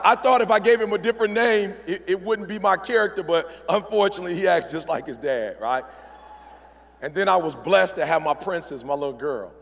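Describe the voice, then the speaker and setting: Gravelly, high-voiced man preaching to a hall. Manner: preacherly, punchy call-and-response. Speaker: motivational speaker. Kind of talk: motivational speech. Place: large event hall. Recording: long hall reverb.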